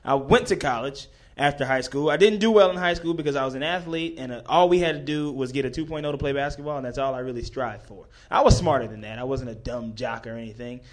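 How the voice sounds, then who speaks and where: A man's voice: medium pitch, fast, few pauses. A man in his twenties telling a comedic story on stage, rambling and correcting himself with chuckles.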